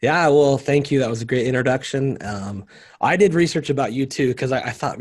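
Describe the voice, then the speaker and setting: A man's voice: mid-range voice, animated, fast talker, slightly rough. A man as an interview guest, telling his story earnestly over a video call. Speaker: guest, company cofounder. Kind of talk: casual interview chat.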